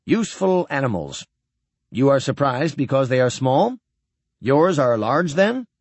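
A man voicing a curious female alien guide who speaks slowly, with careful enunciation. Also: medium pitch, sing-song, no room sound. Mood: probing.

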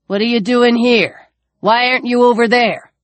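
Conflicted older man, subdued and hesitant, woman reader doing him, low-key delivery. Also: fairly even intonation, normal speed, a bit bright, clean tone, no echo. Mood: uneasy.

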